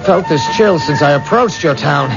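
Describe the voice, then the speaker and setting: An actor playing an uneasy young bridegroom who speaks hesitantly, shaken with dread, in a radio drama. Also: male voice, a little high, lively intonation, moderate pace. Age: young adult. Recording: dull lo-fi radio play with music.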